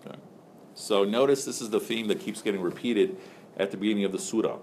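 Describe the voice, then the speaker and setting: Low-voiced man teaching a casual class. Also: fast, darkish tone, a little hiss or hum. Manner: joking, loose and conversational, many fillers like "so" and "like". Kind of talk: casual classroom lecture with questions to students. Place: classroom with students.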